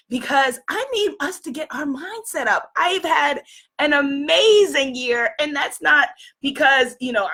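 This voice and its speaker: A hoarse woman hosting an energetic motivational live stream, greeting viewers by name as she coaches them. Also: fairly high pitch. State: hoarse, strained voice. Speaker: spiritual business coach and live-stream host. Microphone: clip-on microphone.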